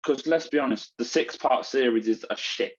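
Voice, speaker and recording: A man's voice: mid-range voice, normal speed, breathy edge, muffled recording. A man co-hosting a podcast in casual chat, blunt and teasing, with strong opinions. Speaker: podcast co-host.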